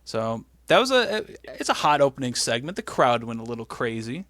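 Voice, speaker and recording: A man co-hosting a casual chat show, animated and acting out quotes in playful voices. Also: mid-range voice, normal speed, dry recording. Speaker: podcast co-host recapping wrestling.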